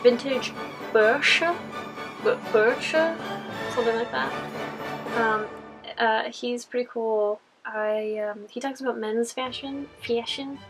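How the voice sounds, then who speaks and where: Casting: young californian woman, chatty vlogger, a touch high-pitched, light music under. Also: flat delivery, a little slow, poor audio. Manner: chatty, rambling, frequent fillers and laughs. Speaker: costume vlogger. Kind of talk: casual Q&A vlog.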